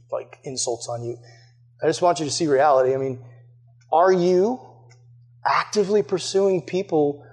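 A young man preaching to a youth group, his voice sitting notably high for a man. He speaks earnestly and conversationally, scattering fillers and throwing questions straight at his listeners. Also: darkish tone. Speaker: youth pastor. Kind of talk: sermon.

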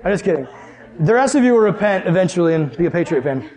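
A young man preaching to a youth group, telling a funny story and acting out both sides of the conversation. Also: quick pace. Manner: animated, jokey, acts out dialogue with big pitch jumps. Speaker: youth pastor. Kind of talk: sermon with storytelling.

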